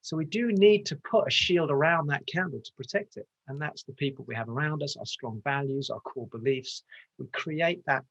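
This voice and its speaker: A British transformational coach, appearing as a podcast guest over a video call, speaks passionately in a motivational interview style, talking fast and getting carried away. His voice is fairly high and fairly bright, and the audio sounds lo-fi.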